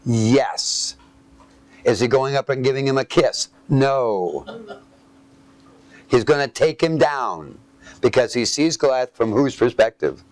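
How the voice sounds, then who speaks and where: A man delivers a sermon in a medium-pitched, animated voice with a slightly mellow quality, speaking slowly and pausing often. He reads scripture aloud, comments on it, and asks listeners to fill in the missing words. There is no room sound.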